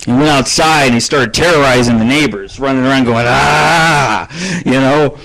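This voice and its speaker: A man's voice: medium pitch, a little fast, fairly bright tone, poor audio. A middle-aged man hosting his own radio show solo from home, rambling through profane stories. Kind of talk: solo live radio monologue. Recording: faint background noise.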